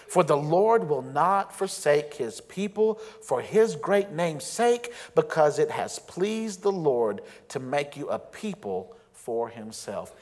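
A man preaching a sermon as pastor, earnest and emphatic, slowing down to stress key phrases. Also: a little high, sing-song, darkish tone. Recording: long reverb of a large hall.

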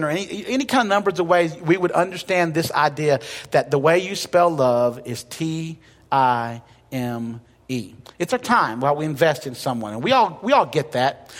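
A male pastor delivers a sermon in an easy, conversational manner, with light jokes and points he hammers home by repeating them. His voice sits a little high for a man. The long reverb of a church sanctuary hangs around every phrase. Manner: conversational preaching with humor and emphatic repetition.

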